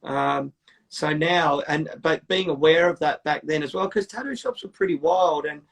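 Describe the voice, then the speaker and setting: A man's voice: fairly high pitch, normal speed, vocal fry. A middle-aged man, hosting a casual chat and rambling through stories with plenty of swearing. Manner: rambling, swears freely, tells stories with quoted voices. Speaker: podcast host.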